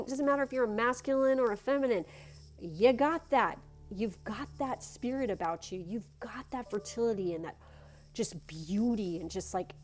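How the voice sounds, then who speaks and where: A woman giving a casual pick-a-card tarot reading. She gushes encouragement, swears casually, and moves between reading card text aloud and chatty asides. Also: medium pitch. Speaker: tarot reader.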